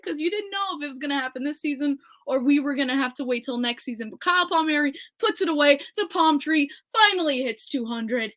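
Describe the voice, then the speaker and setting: A young woman hosting a solo podcast, recapping a game in an animated, exclamatory fan style. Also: sits high, fairly quick, few pauses. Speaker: podcast host.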